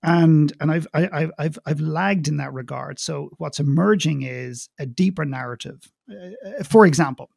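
Gravelly Irish man, passionate and blunt. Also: on the high side, normal speed, a little mellow, dry recording, clean studio sound. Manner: passionate, blunt, swears, repeats words. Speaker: guest. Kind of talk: podcast interview.

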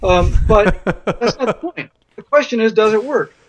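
A man's voice: sits high, expressive, normal speed. A man guest in an interview, a physician telling stories emphatically and repeating words for stress. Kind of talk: interview conversation. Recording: dull lo-fi audio.

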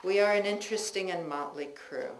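A woman reads her own personal essays to a live audience in a bookstore, in a measured, reflective way, with loose chatty asides between the pieces. Her voice carries an echo from the room, and a faint ambient hum sits behind it. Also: lowish voice. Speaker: author reading her own work. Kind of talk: public reading of personal essays.

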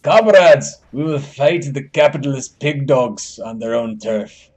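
Guy doing a fake russian accent, hammy soldier rallying comrades, kinda husky. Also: medium pitch, expressive, unhurried, darkish tone. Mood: mock rallying. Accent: put-on Russian.

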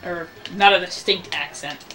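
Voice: mid-range voice, moderate pace, sharp tone, distant mic. Rambling let's-play gamer, noisy recording. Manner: rambling, self-correcting, jokey. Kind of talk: casual gameplay commentary.

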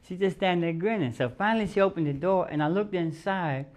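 Lively storytelling man, fairly high voice. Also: brisk. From United States. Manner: animated, acts out quotes, laughs often. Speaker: guest musician. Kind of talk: casual storytelling. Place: TV studio.

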